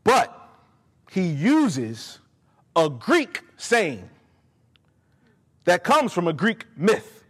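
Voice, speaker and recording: A male pastor delivering a sermon with emphatic, direct appeals to the congregation. His voice sits a little high for a man. The sound rings with a long hall reverb, as in a church sanctuary. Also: wildly swooping pitch, drawn-out words, long pauses, fairly bright tone, husky.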